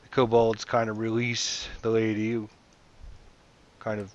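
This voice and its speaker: A man's voice: lowish voice, completely flat delivery, measured pace, highs cut off. A man running a tabletop game as game master, narrating loosely and chattily and checking in with the players.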